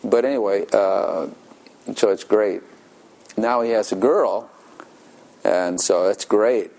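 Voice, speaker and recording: A man's voice: fairly low pitch, slow, a little mellow. An older man preaching a sermon in a folksy storytelling manner, chuckling often.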